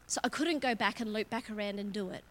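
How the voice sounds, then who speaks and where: A woman's voice: medium pitch, fast talker, slight background noise. A woman preaching a candid, conversational sermon in church, self-mocking and laughing often. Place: church auditorium.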